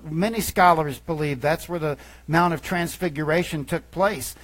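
A man preaching a sermon as a pastor, reading scripture aloud and swinging between loud emphasis and hushed asides. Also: a little high, normal speed, few pauses, poor audio.

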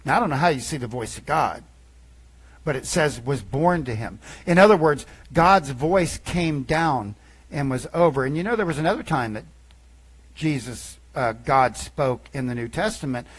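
A man preaching a sermon as a pastor, reading scripture aloud and swinging between loud emphasis and hushed asides. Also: mid-range voice, expressive, moderate pace, breathy edge, poor audio.

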